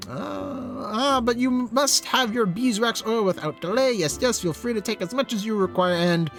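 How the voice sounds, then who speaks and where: A man's voice: normal speed, gravelly, fairly bright tone, soft background music, exaggerated voice. A man doing a fawning, oily servant. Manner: oily, over-polite, high and gushing. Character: fawning obsequious male servant.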